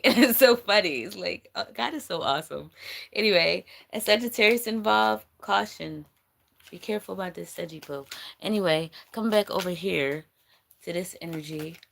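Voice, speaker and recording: Gravelly woman giving a blunt spiritual reading. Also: fairly low pitch, a bit bright, a little hiss or hum. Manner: rambling, blunt, swears casually. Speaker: spiritual reader.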